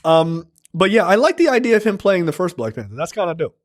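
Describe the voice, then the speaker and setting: A man's voice: sits high, sing-song, fast. A man co-hosting a podcast, rambling in casual chat with lots of filler words. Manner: rambling, many fillers, laughs easily. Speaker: podcast co-host.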